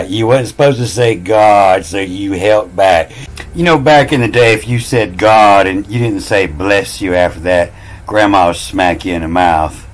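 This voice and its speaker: Slow, low-voiced man spelling words out. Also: poor audio. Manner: musing, spells out words letter by letter; repeats phrases over and over. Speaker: channel host. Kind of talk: casual explanatory monologue.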